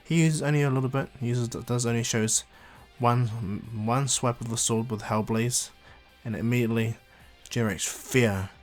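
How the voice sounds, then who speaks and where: A man's voice: medium pitch, fairly even intonation, normal speed, hardly any pauses, faint music behind. A man casually retelling an anime crossover fan story, rambling and correcting himself as he goes.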